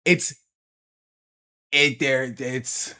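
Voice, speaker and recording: A man's voice: medium pitch, steady tone, extremely slow, sharp tone. A man streaming live, chatting casually and answering his viewers' questions. He laughs often and repeats phrases for emphasis. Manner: answers chat questions aloud.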